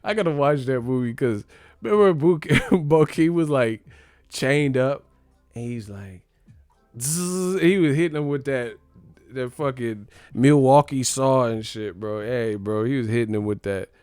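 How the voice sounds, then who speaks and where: A man chatting casually on a livestream, animated and profane, laughing often. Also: mid-range voice, a little slow, smooth, no echo, clean studio sound, soft background music.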